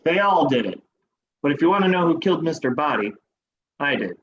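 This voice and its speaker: A cast member of a live online reading, playing a once-nervous man revealed as an FBI agent, delivered dry and deadpan. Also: mid-range voice, brisk, highs cut off, slight background noise, close to an everyday voice. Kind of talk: live amateur script reading over video call.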